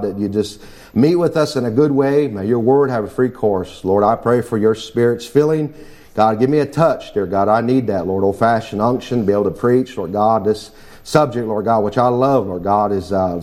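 A man preaching a fervent sermon, praying and repeatedly crying amen. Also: medium pitch. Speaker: pastor.

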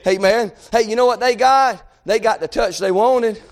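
A man preaching a sermon, swinging between shouted pleading and low, quiet talk. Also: normal speed.

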